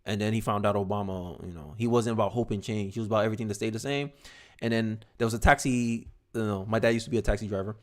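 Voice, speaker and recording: A young man speaks in a fairly low voice while giving relaxed, animated political commentary on his own livestream, sprinkling in quick asides and repeating words when he gets going.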